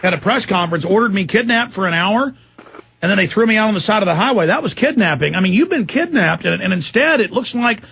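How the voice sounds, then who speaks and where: Man, radio host, forceful, interrupting, husky. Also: high voice, expressive, a little fast. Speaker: radio talk show host.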